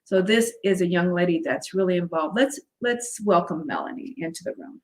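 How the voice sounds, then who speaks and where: A woman's voice: fairly low pitch, lively intonation, fairly quick. Middle-aged woman, interview host, friendly and encouraging. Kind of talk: livestream interview.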